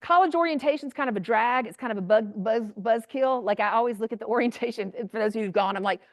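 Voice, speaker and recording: A middle-aged woman giving a lively, blunt talk to a room of parents, chatty and animated, acting out quoted voices. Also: a little high, fast, dry recording, studio quality. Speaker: speaker addressing parents. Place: room with an audience.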